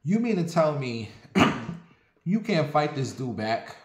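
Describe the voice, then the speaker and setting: A man's voice: a little high, very animated, takes it slowly. A man spins a personal story for his vlog in a slightly raised voice, full of drama and profanity. He throws in sassy asides as he goes. The sound has a roomy echo. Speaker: vlogger telling a personal story. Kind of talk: casual storytelling.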